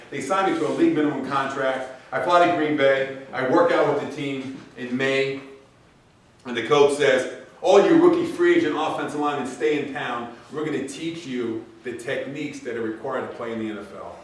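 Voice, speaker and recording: A middle-aged man giving a graduation speech, an animated storyteller who acts out the people he quotes. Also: mid-range voice, a little fast. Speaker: commencement speaker. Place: large event hall. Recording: echoey hall, voice from far off.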